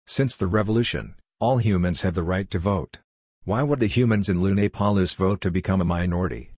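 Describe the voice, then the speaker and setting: Man voicing a scornful old male senator, blunt, husky, dry audiobook sound. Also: deep voice, fairly quick, darkish tone, no echo. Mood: resolute. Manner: blunt, dismissive.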